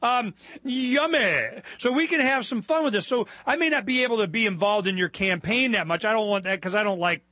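Guy hosting a radio talk show, high bright voice, goes off on tangents, gets worked up. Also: fast talker, few pauses, no room sound. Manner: animated, rambling, excitable. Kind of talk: casual political talk radio.

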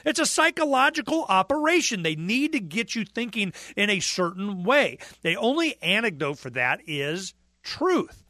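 A man in animated political talk, emphatic and storytelling, acting out the people he quotes. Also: high voice, measured pace, no room sound, clean studio sound.

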